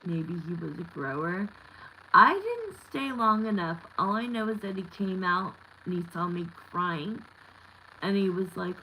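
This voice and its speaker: A woman's voice: lowish voice, big pitch swings, measured pace, bright, forceful tone, slight background noise, low-quality recording. A woman in her thirties giving a live tarot reading, talking candidly and bluntly with lots of fillers. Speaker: tarot reader.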